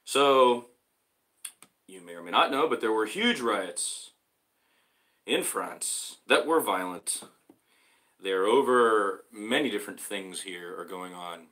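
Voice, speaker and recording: A man's voice: fairly low pitch, lively intonation, sharp tone, low-quality recording. A man hosting his own small show, reading a newspaper article aloud and breaking off to comment, with hesitant fillers and restarts. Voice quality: halting, with frequent fillers and restarts. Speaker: host.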